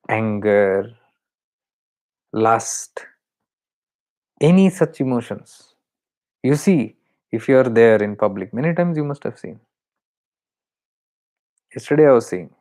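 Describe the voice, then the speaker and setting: A man's voice: medium pitch, darkish tone. A man with an Indian accent, a spiritual teacher explaining awareness in an earnest, repetitive way. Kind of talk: spiritual talk.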